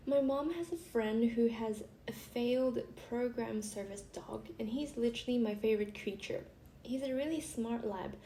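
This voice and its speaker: A woman's voice: a little high, normal speed, dark tone. A young woman vlogger casually reading funny stories aloud, chatty and giggly, often breaking off to laugh. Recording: echoey room with faint hiss.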